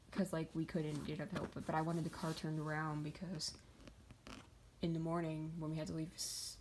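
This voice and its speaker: Low-pitched and darkish, this young Pittsburgh-area woman speaks flatly at normal speed with long pauses while vlogging. She rambles through a story in a casual way, full of fillers and curse words. There's slight background noise.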